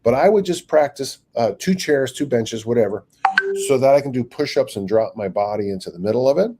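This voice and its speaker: A man's voice: medium pitch, lively intonation, brisk, warm tone. An older man, a strength coach, rambling through stories and acting out little quotes in casual podcast talk. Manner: rambling storyteller, acts out quotes.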